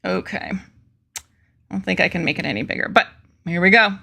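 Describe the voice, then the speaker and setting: A woman's voice: on the low side, moderate pace, gravelly, sharp tone, husky. A woman hosting a casual political commentary stream, reading news aloud with sarcastic, chatty asides to her viewers.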